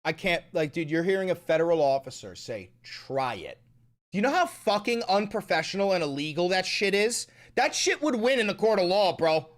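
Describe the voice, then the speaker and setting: A man's voice: high-pitched, expressive, fairly quick, hardly any pauses. A man streaming live reaction commentary, heated and mocking, swearing often.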